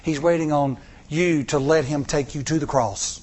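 A man's voice: on the high side, moderate pace, a little mellow, slightly rough. A middle-aged man preaching a sermon to a congregation, with repeated rhetorical questions and rising emphasis. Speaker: pastor.

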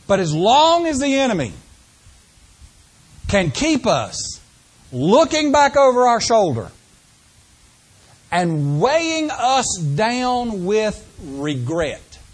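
A man preaching a sermon to a congregation, asking them questions and shifting between slow, drawn-out phrases and quick runs. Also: high-pitched, very animated, husky. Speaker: pastor.

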